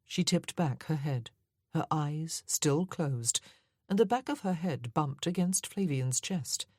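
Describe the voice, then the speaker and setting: A woman narrating a historical romance audiobook in a measured, unhurried way. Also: sits low, lively intonation, a little mellow, breathy edge, no echo, studio quality. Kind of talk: scripted narration.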